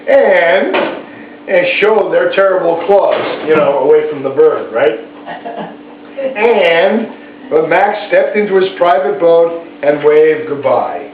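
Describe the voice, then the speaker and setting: A man reads a picture book aloud at an unhurried pace, gentle and chatty, with frequent asides to his pet bird. His voice sits a little high for a man. It sounds tinny and phone-like, picked up from across an echoey room with a faint hiss. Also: lively intonation, distant mic. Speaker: storybook reader to a pet bird.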